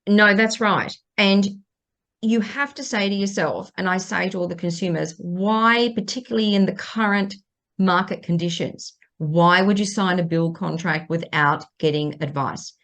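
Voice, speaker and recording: A woman's voice: mid-range voice, steady tone, normal speed, fairly bright tone. A middle-aged woman, a lawyer giving advice on a podcast in an emphatic way, stressing and repeating her key points. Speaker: property lawyer. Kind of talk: podcast legal advice chat.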